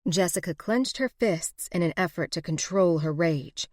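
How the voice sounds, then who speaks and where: A woman narrating a frontier romance novel in a steady, even storytelling manner. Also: sits low, moderate pace, few pauses, no room sound, studio quality. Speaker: audiobook narrator. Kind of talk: scripted narration.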